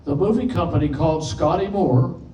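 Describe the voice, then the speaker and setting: A man's voice: on the high side, moderate pace, warm tone. A man in his eighties, a session musician guest, telling stories in a folksy, plain-spoken way on a panel stage. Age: 80s. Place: event stage before an audience. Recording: distant echoey hall mic with faint noise.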